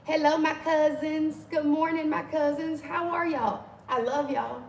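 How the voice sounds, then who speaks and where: High-voiced woman greeting her live viewers. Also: a little slow. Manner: warm greetings to viewers by name, animated and affectionate. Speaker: livestream host. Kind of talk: casual live stream chat. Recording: echoey room with faint ambient noise.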